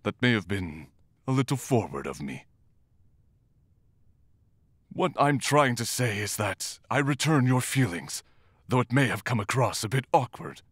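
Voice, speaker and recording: A man voicing a gentle, tearful demon-hunting monk in a romantic character audio role-play, talking in a shy, halting, emotional way. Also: medium pitch, very animated, dry recording, studio quality. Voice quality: soft, husky, slow and tender.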